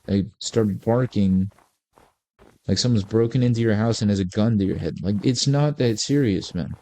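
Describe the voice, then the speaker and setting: A man's voice: fairly low pitch, moderate pace, dark tone. A man in his forties giving casual, rambling gameplay commentary with laid-back, self-mocking asides. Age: 40s. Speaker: gaming video creator.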